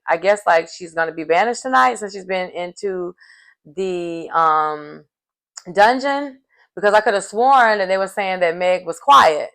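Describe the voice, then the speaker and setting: A woman talks through a reality show episode in a loose, casual way. She is chatty and opinionated, tossing in playful asides and quick verdicts about the players. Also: on the low side, lively intonation, fairly bright tone. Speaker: reality TV recap vlogger.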